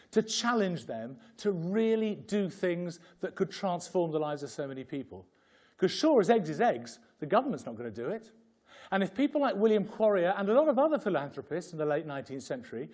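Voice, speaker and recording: A man's voice: high-pitched, darkish tone. A man presenting at a fundraising seminar in a joking, impassioned way, speaking to a room. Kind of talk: humorous seminar talk. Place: conference room with an audience.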